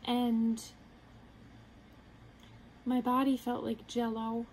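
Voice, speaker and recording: A young woman with a fairly high, mellow voice tells a personal story straight to the camera. She talks in an earnest, halting way and quotes her own thoughts along the way. A faint hiss sits under the recording. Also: monotone, rough recording. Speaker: vlogger.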